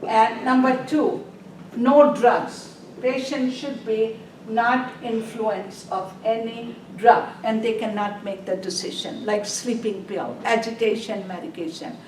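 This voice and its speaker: A woman's voice: fairly high pitch, fairly even intonation, slow pace, a little mellow. A woman teaching a nursing exam review class in a classroom, quizzing her students and stressing key words. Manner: quizzes students and repeats "are we clear?". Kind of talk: classroom lecture. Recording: roomy, distant, faint background noise.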